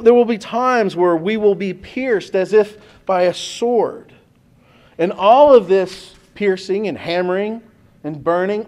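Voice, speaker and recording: A man's voice: high-pitched, darkish tone. A pastor preaching a sermon to his congregation in a conversational way, speaking straight to the church.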